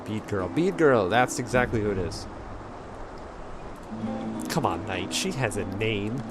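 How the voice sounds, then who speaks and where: A man streaming a video game, giving casual, joking, self-mocking commentary as he plays. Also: on the low side. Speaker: let's play streamer.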